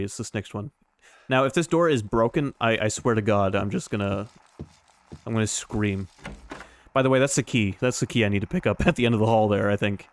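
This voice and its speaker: A man giving casual let's-play commentary as a game streamer, joking and rambling with sarcastic asides. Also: lowish voice.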